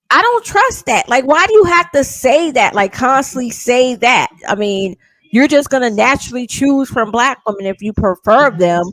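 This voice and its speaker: A woman co-hosts a live online talk show and reacts to clips with chatty disbelief. Her voice is high-pitched. The sound is dry and close. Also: animated, moderate pace, fairly bright tone, dry recording. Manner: incredulous, chatty, addresses the host directly. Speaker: co-host. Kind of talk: casual commentary on a live stream.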